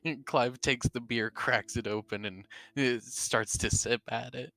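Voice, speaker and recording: A man's voice: mid-range voice, steady tone, measured pace, bright, forceful tone, faint music behind. A man chatting in character during a tabletop role-play, stammering now and then and calling others "mate".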